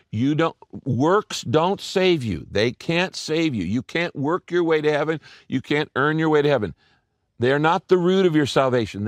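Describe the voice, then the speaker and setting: A man preaching a sermon as a pastor, telling stories, speaking straight to his listeners, repeating key lines and dropping his voice low to press a point home. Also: no echo, studio quality. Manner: earnest, direct address to listeners.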